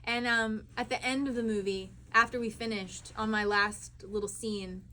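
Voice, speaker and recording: A young actress woman telling chatty, animated stories with fillers at a live cinema Q&A. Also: fairly high pitch, normal speed, slight background noise. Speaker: actress at a screening Q&A. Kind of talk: live Q&A storytelling. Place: cinema auditorium.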